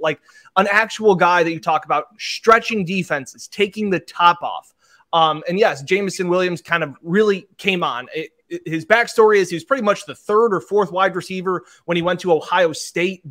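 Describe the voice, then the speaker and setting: Lively storytelling male sports reporter. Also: fairly high pitch. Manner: animated storyteller, acts out quotes. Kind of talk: casual sports talk.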